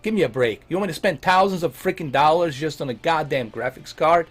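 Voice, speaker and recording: Blunt, animated man ranting casually. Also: fairly high pitch, brisk, faint music behind. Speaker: host answering viewer questions. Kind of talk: casual Q&A on tech and games.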